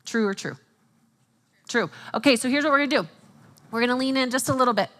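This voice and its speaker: A woman speaking at a Christian conference, teaching with animated asides and jokes for the audience. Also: fairly high pitch, fast talker. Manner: animated, quotes herself and others in acted voices.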